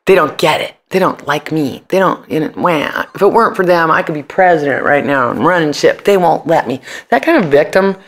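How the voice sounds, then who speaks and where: A man's voice: fairly high pitch, expressive, fairly quick, hardly any pauses. A man in his forties, an interview guest, telling stories in a blunt, profane way and mimicking the people he quotes. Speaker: interview guest, punk musician and comedian. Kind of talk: casual interview storytelling.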